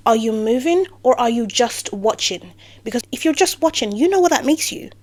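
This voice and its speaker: A woman's voice: fairly high pitch, darkish tone. A woman giving a motivational talk to camera, playful and sarcastic, breaking off into rambling asides. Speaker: vlogger.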